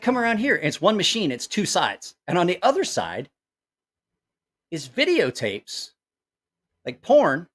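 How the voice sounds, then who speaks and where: A middle-aged man who hosts a channel tells a loose, casual story, his pitch swinging widely. He swears freely, acts out the voices of the people involved, and keeps correcting himself as he rambles along animatedly.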